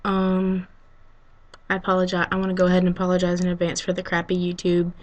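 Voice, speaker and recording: A woman talking unscripted to her webcam, halting and emotional, with frequent sighs, ums and you-knows. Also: on the low side, completely flat delivery, darkish tone, dull audio. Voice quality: sighing. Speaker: vlogger. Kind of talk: unscripted heartfelt monologue to camera. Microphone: built-in webcam mic.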